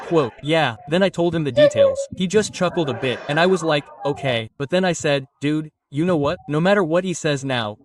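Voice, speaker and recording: A man in his thirties from Brazil doing stand-up, telling an animated story and acting out the lines of the people in it. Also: a little high. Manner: animated, acts out quotes, swears casually. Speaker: stand-up comedian. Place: comedy stage with live audience. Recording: distant stage mic, audience noise.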